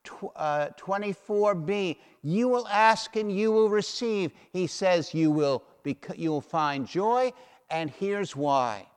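Slow, emphatic male preacher in echoing hall. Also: high-pitched, clear, resonant tone. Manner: emphatic, repeats key phrases. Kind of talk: sermon. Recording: long hall reverb.

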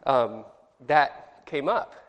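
A man's voice: medium pitch, lively intonation, drawn-out words. A man leading an informal Bible study lesson, chatty and rambling, quizzing his class and correcting himself as he goes. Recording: reverberant hall with long echo.

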